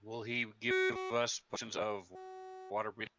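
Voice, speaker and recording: A man's voice: on the low side, level tone, normal speed, crowd noise. A man playing a tabletop game over voice chat, asking plain questions. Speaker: player.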